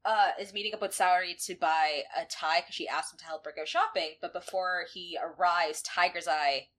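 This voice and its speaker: A woman co-hosting a podcast, recapping episodes in casual chat, animated and quick to laugh. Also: on the low side. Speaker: podcast co-host.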